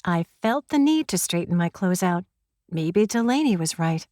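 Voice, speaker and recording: A woman's voice: lowish voice, animated, moderate pace, darkish tone, dry recording. A woman reading a first-person crime audiobook in a wry, conversational storytelling manner, close to the mic. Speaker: audiobook narrator.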